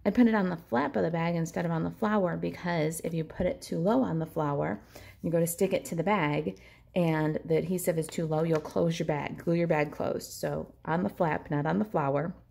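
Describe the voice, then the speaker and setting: A woman's voice: on the low side, fairly even intonation, fairly quick, creaky, dark tone. A woman demonstrating a papercraft project, chatting in an upbeat way as she narrates each hands-on step. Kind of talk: crafting tutorial.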